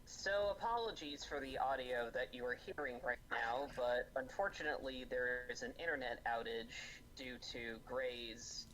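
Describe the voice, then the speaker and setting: Game-mastering a tabletop session, a man with a sharp, mid-range voice narrates scenes and calls for rolls, taking his time and frequently umming or restarting. The low-quality recording carries slight background noise and faint music.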